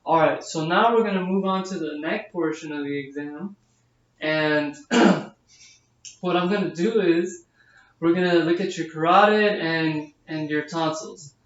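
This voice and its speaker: In distant, echoey, muffled camera audio, a man studying nursing walks through a full head-to-toe exam, describing every step and filling gaps with "um"s and the like. He speaks unhurriedly in a slightly high voice.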